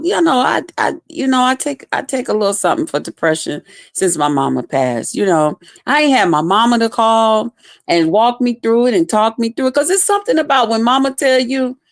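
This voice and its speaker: Speaking straight to her livestream audience as "y'all," a female host relates her personal testimony in a slow, emphatic, sermon-like manner. Her voice is fairly high, and the studio-quality audio has no room sound.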